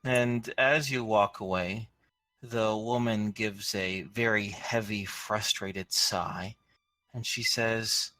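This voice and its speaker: A man narrating a tabletop game as game master over an online call, chatty and quick to laugh. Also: fairly low pitch, steady tone, pushed and bright, no echo, low-quality recording.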